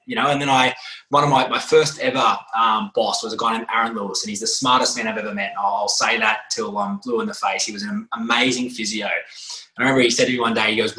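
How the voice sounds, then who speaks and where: A man's voice: lowish voice, quick pace, roomy sound, low-quality recording. A man, a physiotherapist, talking casually on a podcast in a rambling, storytelling way. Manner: rambling, animated storytelling with restarts. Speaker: physiotherapist guest.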